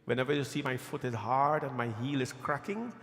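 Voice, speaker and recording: A man's voice: medium pitch, animated, brisk, fairly bright tone. A man giving a devotional sermon in a temple, telling stories in a folksy, conversational way with repeated phrases. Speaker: preacher leading a scripture reading. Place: temple hall. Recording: echoey temple hall with long reverb.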